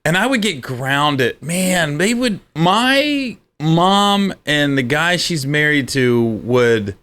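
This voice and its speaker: A man's voice: fairly high pitch, big pitch swings, takes it slowly, fairly bright tone. A man, a comedian guest, telling comic stories in conversation and laughing through them.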